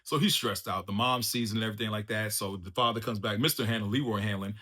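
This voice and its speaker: A man hosting a casual spoiler review of a TV show, excitable and slangy, laughing often as he recaps. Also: lowish voice, fast. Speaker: TV review channel host.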